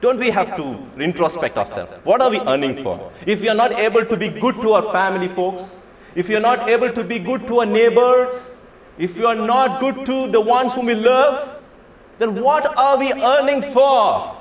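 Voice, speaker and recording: A man's voice: extremely high pitch, normal speed. A man giving a lecture to students and telling a story. He speaks emphatically, repeats phrases and asks rhetorical questions. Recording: echoey room with faint ambience.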